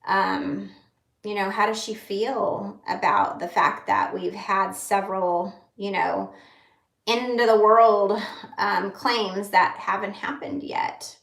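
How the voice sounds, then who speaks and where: A woman in her thirties chatting candidly on a livestream, rambling through her thoughts and pausing to read viewers' comments. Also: mid-range voice, steady tone, creaky, a bit bright, reverberant. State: holding back tears. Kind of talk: casual livestream chat.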